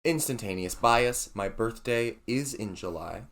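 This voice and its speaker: Male, high-school age, podcast co-host, lowish voice, lively swings, playful and teasing. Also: a little slow, a little hiss or hum. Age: teens. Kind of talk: casual chat.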